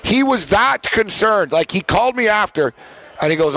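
A man hosting a sports betting talk show, telling animated stories with lots of fillers and laughs. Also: sits high, moderate pace. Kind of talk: casual sports betting chat.

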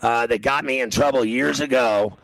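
A male radio host tells a story in a loose, rambling way, tripping over his words and restarting. His voice is gravelly with a sharp, bright edge. The sound is dry and close to the mic. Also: mid-range voice, moderate pace, no echo, poor audio. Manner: rambling, stammering restarts, loud when acting out his own yelling. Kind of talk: casual storytelling on sports radio.

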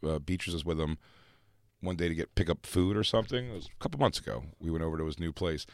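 A man co-hosting a casual podcast chat, an animated storyteller who laughs often. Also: low voice, quick pace, dry recording, studio quality.

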